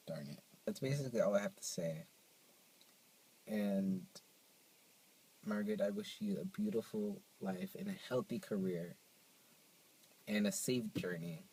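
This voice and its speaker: A young man chatting to camera in a vlog, telling stories in an animated, playful way, recorded on his phone. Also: on the low side, breathy edge, poor audio. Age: young adult. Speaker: vlogger. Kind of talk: casual chat to camera.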